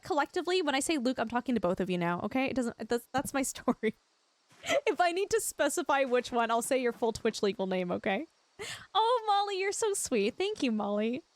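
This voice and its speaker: A woman's voice: high-pitched, very animated, brisk, no room sound. A young adult woman from Canada, livestreaming a game and chatting casually and giggly with her viewers. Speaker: livestream gamer.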